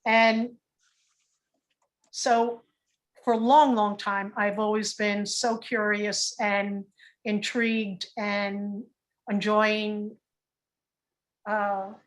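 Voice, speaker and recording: A woman's voice: medium pitch, flat delivery, drawn-out words, long pauses. A woman teaching meditation in a casual online workshop, talking in a chatty, rambling way with many restarts, over a video call.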